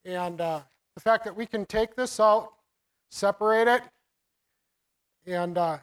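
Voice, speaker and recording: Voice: mid-range voice, a little slow, pauses often, low-quality recording. Rambling, laughing preacher. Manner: rambling, many restarts and fillers, laughs often. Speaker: preacher teaching about the children's ministry. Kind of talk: sermon.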